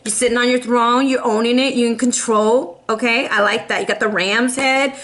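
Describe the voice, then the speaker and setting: A young adult woman giving a casual tarot reading in an animated, sassy, playful way, laughing often. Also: fairly high pitch, normal speed. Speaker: tarot reader.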